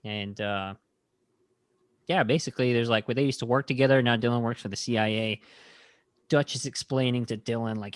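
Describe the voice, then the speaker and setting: A man's voice: mid-range voice, fairly even intonation, normal speed, clear, resonant tone, no echo, studio quality. A man hosting a film podcast, recapping a movie in a rambling, enthusiastic way. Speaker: podcast host. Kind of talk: casual film review chat.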